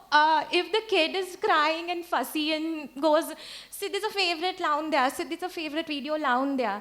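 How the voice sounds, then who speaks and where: A woman's voice: high voice, fairly bright tone. A woman giving a conference lecture as a speech-language pathologist, explaining and often checking in with the audience.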